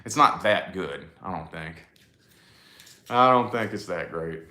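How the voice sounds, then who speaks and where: Casting: chatty man, thirties, bright lively voice, rambling and cussing, echoey room. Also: low-pitched. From New Albany, Indiana, USA. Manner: rambling and profane, drawn-out words. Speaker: vlogger chatting to a live audience. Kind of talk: casual live chat.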